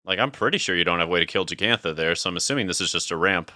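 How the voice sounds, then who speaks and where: Low bright-voiced man in casual chat. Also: lively intonation, racing, dry recording, studio quality. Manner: laid-back, chatty, laughs often, thinks aloud. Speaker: streamer playing a card game.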